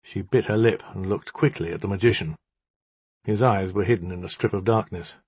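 A man reading an audiobook in an expressive, even-paced scripted narration. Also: sits low, a little fast, slightly rough, no room sound.

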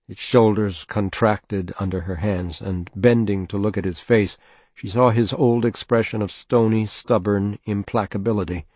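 A man narrating a novel in a steady, measured audiobook reading. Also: lowish voice, no echo.

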